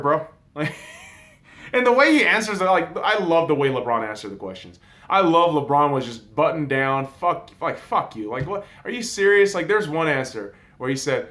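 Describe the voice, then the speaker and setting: A young man hosts a casual sports podcast on his own. He swears freely and gets worked up, his pitch leaping high and falling low as he goes from loud outbursts to mutters. His voice sits a little higher than most men's. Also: a little fast. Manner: profane, excitable, loud swings in volume. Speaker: podcast host. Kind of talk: casual sports talk monologue.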